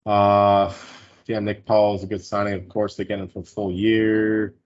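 A man's voice: fairly low pitch, little pitch movement, moderate pace, muffled recording. A man in casual sports betting chat, rambling loosely and swearing now and then. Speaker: sports betting podcast co-host.

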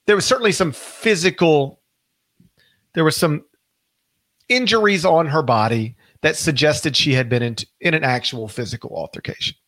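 A man's voice: fairly high pitch, moderate pace, fairly bright tone, no room sound. Middle-aged man, emphatic podcast host. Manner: rambling, self-correcting, emphatic. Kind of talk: casual podcast conversation.

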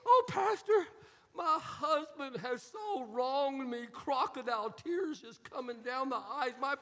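A man doing a high, whiny young wife. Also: lively intonation, takes it slowly, fairly bright tone, in a large hall, exaggerated voice. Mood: aggrieved whining. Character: tearful young wife, aggrieved and petty.

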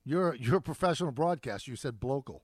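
A man's voice: medium pitch, lively intonation, fast talker, faint music behind. A man co-hosting a sports podcast, teasing the others with dry humor. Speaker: sports talk co-host. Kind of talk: casual podcast banter.

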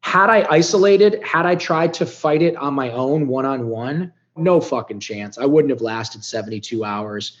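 A man's voice: mid-range voice, normal speed, few pauses, dull audio. Blunt, swearing middle-aged man telling his story. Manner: blunt, profane and animated, swings loud and soft. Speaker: podcast guest, business founder. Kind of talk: candid storytelling.

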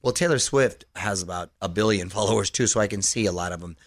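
A man's voice: lowish voice, quick pace. A man hosting a radio show, chatting upbeat and playful with his co-hosts. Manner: lively, playful, jokey impressions.

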